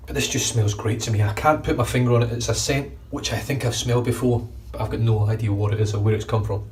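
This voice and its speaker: A man's voice: mid-range voice, fairly even intonation, fast, a little mellow, far from the mic, slight background noise. A middle-aged Scottish man with a Glaswegian accent, chatting casually and swearing freely as he reviews shaving gear in his bathroom. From Scotland. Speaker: shaving vlogger. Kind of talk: casual chat. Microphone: phone camera.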